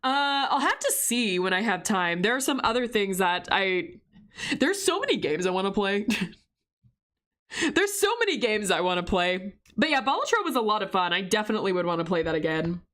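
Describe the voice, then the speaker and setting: A woman streamer chatting casually with her viewers, slightly hoarse from losing her voice, with frequent giggles. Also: medium pitch, sing-song, moderate pace, a bit bright.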